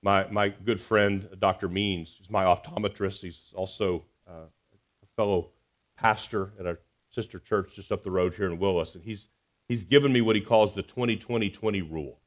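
A man preaching a Sunday sermon in a church, earnest and expressive, swinging between emphatic rises and soft, quiet drops. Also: low-pitched, normal speed. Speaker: pastor. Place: church sanctuary.

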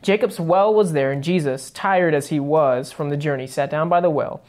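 A man's voice: on the high side, moderate pace, a little mellow. A man co-hosting a casual morning Bible study, reading scripture aloud and explaining it plainly. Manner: easygoing, reads aloud then explains plainly. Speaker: co-host, reads scripture.

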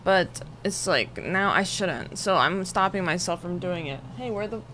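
Young woman streaming from her room, chatty and rambly, soft background hum. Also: on the low side, measured pace. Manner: rambling, greets viewers one by one. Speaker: livestreamer. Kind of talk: casual chat with live chat. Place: home room, air conditioner running.

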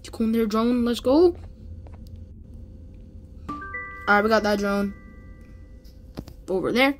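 Slow-talking woman griping through a game. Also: fairly high pitch, soft background music. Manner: exasperated, exclaiming, complains about the controls. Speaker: gamer. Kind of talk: casual let's play commentary.

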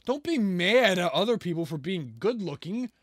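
A man's voice: high-pitched, lively intonation, normal speed, no echo, clean studio sound. A man ranting sarcastically and profanely as he reacts to a video. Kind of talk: ranting commentary.

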